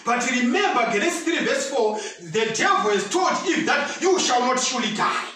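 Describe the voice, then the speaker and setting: A man preaching with a very high, lively, swooping voice that rises into fervent shouts for emphasis. His tone is bright and forceful. He sounds distant from the mic, in a heavily echoing room. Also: normal speed. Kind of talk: sermon.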